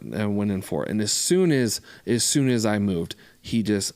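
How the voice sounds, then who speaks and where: A man casually telling a personal story, lively when he acts out what people said. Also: lowish voice, normal speed, no echo. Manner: conversational, acts out quotes with lively voice shifts. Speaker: recovery show co-host.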